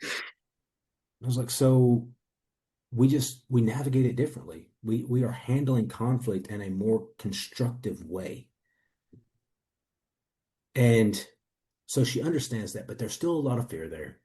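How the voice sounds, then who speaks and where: A man's voice: mid-range voice, a little slow, pauses often, dark tone. A man in a testimonial interview, earnestly and reflectively telling his own story as a coaching client.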